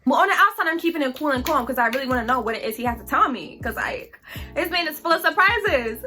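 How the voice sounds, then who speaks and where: A young woman telling a story on her vlog in a chatty, animated, slangy way. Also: sits high, quick pace, soft background music.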